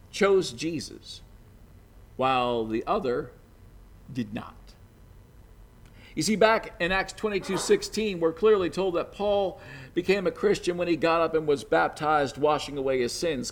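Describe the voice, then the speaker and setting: A man preaching a sermon in a conversational way, often saying "you know" and building to emphatic bursts. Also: on the high side.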